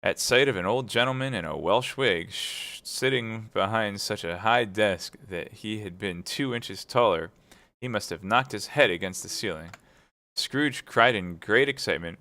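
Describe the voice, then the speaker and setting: A man reading a classic novel aloud at speedrun pace, brisk and steady. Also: lowish voice, no room sound. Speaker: reader.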